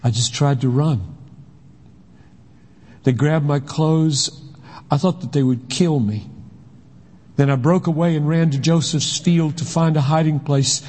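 A frightened young disciple, voiced by a man narrating a verse story, earnest and shaken. He speaks slowly with a slightly raised pitch. Long reverb hangs around every word. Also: fairly even intonation, mellow. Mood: urgent.

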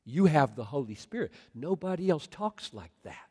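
A man preaching a sermon in a large hall, swinging from loud exclamations to soft near-whispers. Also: on the high side, very animated, normal speed, few pauses, husky. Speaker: pastor. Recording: long hall reverb.

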